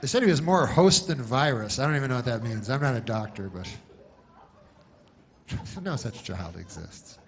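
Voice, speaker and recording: A male stand-up comedian telling jokes in a deadpan, rambling way, with many restarts. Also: mid-range voice, normal speed.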